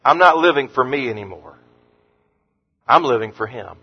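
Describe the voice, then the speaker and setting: A man preaching an earnest sermon as pastor, lifting his voice on scripture quotes and dropping low and soft on words of comfort. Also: animated, moderate pace, slightly rough. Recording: muffled sound with long hall reverb.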